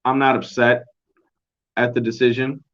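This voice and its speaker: A young man talking at a middle pitch, rambling through a casual solo recap and swearing freely. He sounds laid-back and loose. The home recording is dull and lo-fi. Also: flat delivery, moderate pace. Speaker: podcast host.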